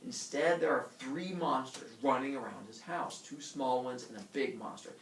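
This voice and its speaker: A man telling a myth as a comic story, playful and animated, with his own sound effects. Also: mid-range voice, normal speed, reverberant, recorded from a distance, rough recording.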